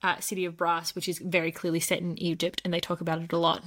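A woman co-hosting a casual podcast about books and films. She talks in a loose, rambling way, full of asides. She keeps breaking into animated acted-out quotes. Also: on the low side, fast. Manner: animated, acts out quotes in voices. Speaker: podcast co-host. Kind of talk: casual chat.

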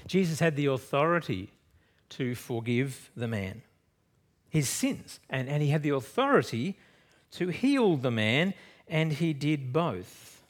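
Pastor telling a Bible story. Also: male voice, a little high, slow pace. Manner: lively storytelling, swings from loud to soft. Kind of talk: sermon.

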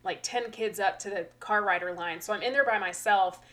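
Speaking briskly at medium pitch, a woman who teaches and co-hosts a podcast tells stories in a relaxed chat. She brings them to life by imitating children's voices.

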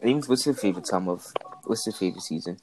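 A man's voice: sits low, quick pace, crowd noise, rough recording. A man co-hosting a casual podcast chat, teasing and arguing with his friends. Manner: teasing, argumentative. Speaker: co-host.

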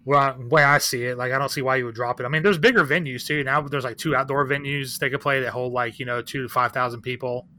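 Man, podcast guest, bright forceful voice, rambling, swears freely. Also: medium pitch, fairly even intonation, fast, hardly any pauses. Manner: candid, profane, rambling with many fillers. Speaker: guest, record shop owner. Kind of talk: casual chat.

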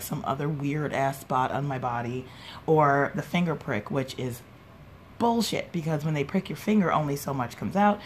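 A woman's voice: low voice, a little mellow, slight background noise. A young woman telling a rambling, swear-filled personal story as a podcast host, quoting people as she goes. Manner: rambling, swears freely, quotes people in little voices. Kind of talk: casual storytelling monologue. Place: home, sipping a drink while recording.

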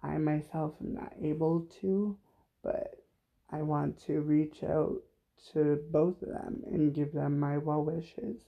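A man hosting a podcast alone, speaking slowly and haltingly with lots of pauses and fillers. His voice has a gravelly edge and sounds close to tears. The recording is a bit dull and lo-fi. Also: a little high, fairly even intonation. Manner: halting, many fillers, emotional and apologetic. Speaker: podcast host. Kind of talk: unplanned solo podcast talk.

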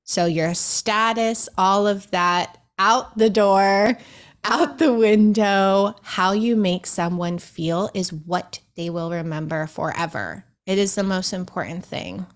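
A young adult woman talking slowly and unhurriedly as an interview guest. Her voice sits at a middle pitch, and she speaks in an earnest, reflective way, with soft laughs and casual fillers. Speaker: podcast guest. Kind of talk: heartfelt interview conversation.

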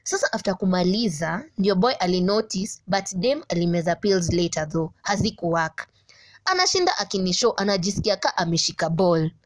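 A young Kenyan woman hosting a casual podcast, lively and laughing often, mixing English with Swahili slang. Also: lowish voice, a little fast, no room sound. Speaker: podcast host.

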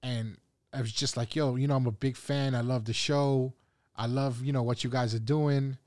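Animated New man telling a story. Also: medium pitch, normal speed, no echo, clean studio sound. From New York. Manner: animated storyteller, swears freely. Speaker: podcast co-host. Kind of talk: casual chat, storytelling.

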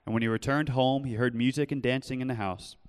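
A young man preaching earnestly in a church, telling his own story and then pleading gently with listeners. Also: mid-range voice, steady tone, fast, clean tone, in a large hall. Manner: earnest, shifts from loud storytelling to soft pleading. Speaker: pastor. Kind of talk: sermon with personal testimony. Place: church hall.

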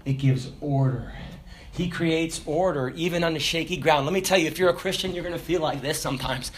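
A middle-aged man preaching a sermon, calling out questions to the congregation and swinging between loud bursts and quiet asides. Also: fairly high pitch, brisk, a little hiss or hum. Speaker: pastor.

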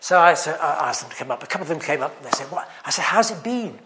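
A man's voice: fairly high pitch, expressive, quick pace, noisy background. A man preaching a sermon, telling stories in a chatty, anecdotal way with self-deprecating humour. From England.

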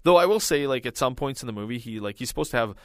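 A man's voice: mid-range voice, lively intonation, very fast, no echo, studio quality. A man co-hosting a casual podcast, rambling with lots of "like" fillers. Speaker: podcast co-host. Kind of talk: casual chat.

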